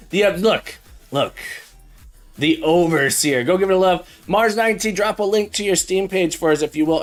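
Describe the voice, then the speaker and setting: A man teaching programming on a live stream, chatting casually and joking as he greets viewers by name. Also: fairly high pitch. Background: faint background music.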